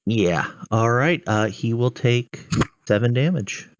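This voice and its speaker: Slow, hesitant man running a dungeon. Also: medium pitch, animated, smooth, no echo, dull audio. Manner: hesitant, many fillers. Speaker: dungeon master. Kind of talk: narrating a tabletop game online.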